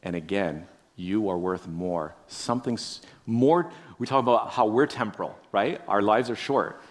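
Speaking at a moderate pace in a fairly low voice, a pastor delivers a sermon that feels like conversation. He thinks out loud, addresses the audience directly, and peppers his talk with rhetorical questions, often finishing with "right?"

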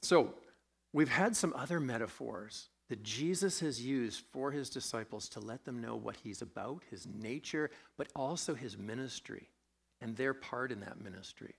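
A man's voice: medium pitch, normal speed, vocal fry, breathy edge. A man preaching a sermon, conversational and self-deprecating, with a sore throat, asking his congregation questions as he goes. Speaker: pastor.

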